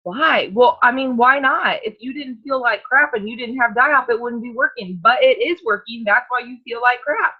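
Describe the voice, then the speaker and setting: Husky woman coaching over a dull call. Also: a little high, normal speed, few pauses. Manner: emphatic, preachy coaching. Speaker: host, team leader. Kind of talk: motivational sales team call. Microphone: video call. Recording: dull lo-fi video call audio.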